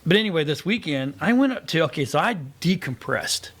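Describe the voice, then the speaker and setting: A man's voice: on the high side, animated, brisk, a bit bright. Chatty man hosting a tech show. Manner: chatty, joking. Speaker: host. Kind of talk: casual chat.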